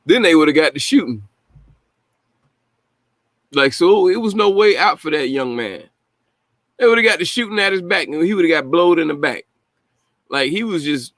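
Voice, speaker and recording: A man's voice: fairly high pitch, fairly bright tone, no echo. Heated, swearing man reacting, dry sound. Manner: indignant, heated, swears freely. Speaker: host reacting to news clips. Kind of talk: casual profane commentary.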